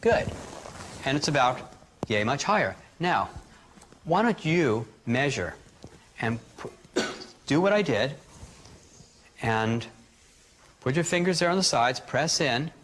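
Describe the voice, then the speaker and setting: A man teaching a live workshop, calmly guiding a group through breathing exercises and demonstrating them aloud. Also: medium pitch, takes it slowly, pauses often, a little hiss or hum. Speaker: energy healing teacher.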